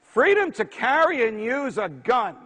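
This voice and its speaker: A man's voice: very high-pitched, big pitch swings, a little slow, very noisy. A man giving a political speech, emphatic and rhetorical, lecturing a crowd. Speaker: speaker. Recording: reverberant hall.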